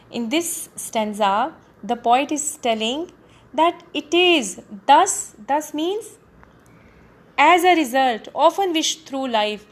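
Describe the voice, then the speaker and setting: A woman's voice: high-pitched, animated, takes it slowly. A woman teacher reading a poem to students and explaining hard words step by step, with many fillers. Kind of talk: classroom poetry lesson.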